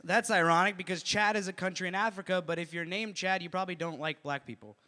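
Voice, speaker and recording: Higher-voiced man doing stand-up. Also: steady tone, quick pace, sharp tone. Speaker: stand-up comic. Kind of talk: stand-up comedy set. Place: small comedy venue.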